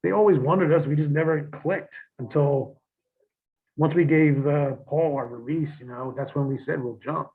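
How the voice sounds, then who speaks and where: A man's voice: fairly high pitch, normal speed. A man, a former pro wrestler, telling blunt, profane stories in a shoot interview and acting out old arguments. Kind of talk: shoot interview, casual storytelling. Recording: tinny phone-line audio.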